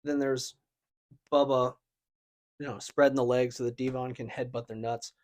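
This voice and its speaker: A man's voice: mid-range voice, level tone, darkish tone. A man co-hosting a casual chat, talking in a chatty way and often quoting catchphrases. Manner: chatty, quick to quote catchphrases and laugh. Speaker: wrestling podcast co-host.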